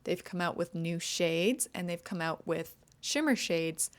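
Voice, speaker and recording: A woman's voice: fairly low pitch, lively intonation, measured pace, no room sound. A young adult woman reviewing makeup in a casual vlog, ranting with exasperated sarcasm and dramatic emphasis. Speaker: beauty vlogger.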